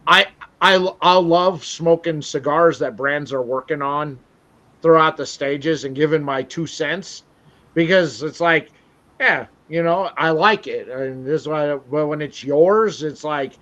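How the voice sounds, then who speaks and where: A man's voice: on the high side, a little slow, a bit bright. A man hosting a casual interview, rambling and self-deprecating with many restarts. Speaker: show host. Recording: dull lo-fi audio.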